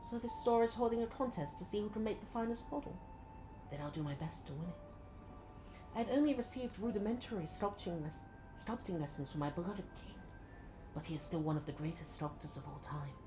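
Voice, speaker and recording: A woman reading aloud as a gentle, earnest female sculptor, formal and in a put-on British accent. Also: fairly low pitch, brisk, music in the background, lightly acted, low-quality recording. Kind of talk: reading game dialogue aloud.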